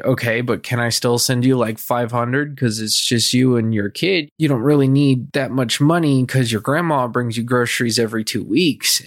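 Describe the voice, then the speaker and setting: A man's voice: mid-range voice, no room sound. Young man host, casual storytelling, swears freely, acts out the quoted lines, dry close sound. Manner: blunt, profane, acts out both sides of quoted arguments. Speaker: podcast host.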